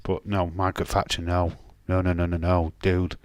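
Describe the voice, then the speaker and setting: In a dry recording, a deep, level, slightly mellow male voice speaks at normal speed with a Yorkshire accent; he's from Castleford, Yorkshire, England. He hosts a casual watch-along live stream, reading viewer comments, talking bluntly, swearing freely and restarting his sentences.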